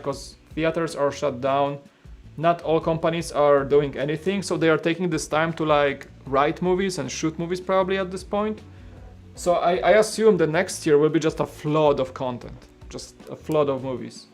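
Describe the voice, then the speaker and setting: A slightly high-voiced man chatting casually on a live stream as he builds, rambling and thinking aloud to viewers. He talks into a studio mic at his home setup, with faint music playing behind him.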